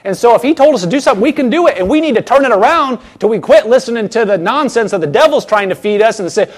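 A man with a high voice delivers a sermon from the pulpit. He speaks emphatically, repeating phrases and circling back with restarts as he presses each point. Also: animated, quick pace, hardly any pauses. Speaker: pastor.

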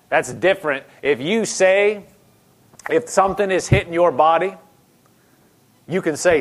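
A man preaching a sermon in a conversational style, slowing down and stressing key phrases. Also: fairly high pitch, lively intonation.

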